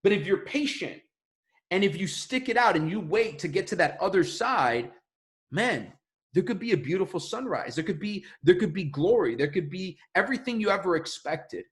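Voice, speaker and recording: Emphatic, higher-pitched man. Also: lively intonation, moderate pace. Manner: casual, emphatic, repeats phrases. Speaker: motivational mentor. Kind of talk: motivational talk to camera.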